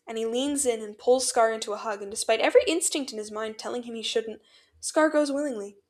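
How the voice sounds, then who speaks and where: A woman reading fanfiction aloud as narrator in an expressive, dramatic way. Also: a little high, a little fast. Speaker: fanfiction podcast reader.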